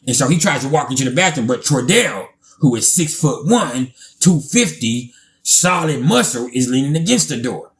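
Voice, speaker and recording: Animated man telling a wild story. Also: normal speed. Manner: animated, swears freely, laughs often, jumps into high voices for quotes. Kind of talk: casual spoken storytime.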